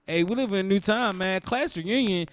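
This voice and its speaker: A young man from Baltimore with a Baltimore accent, hosting a casual podcast monologue in an animated, profane storytelling manner with loud outbursts. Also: high-pitched, moderate pace. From Baltimore, USA. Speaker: podcast host.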